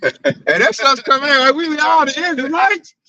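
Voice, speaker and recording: A man with a Southern US accent, teaching scripture in an animated, slangy, hyped-up way. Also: extremely high pitch, normal speed, dry recording, far from the mic, lo-fi sound. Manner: loud, slangy, hyped-up preaching. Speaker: Hebrew Israelite teacher.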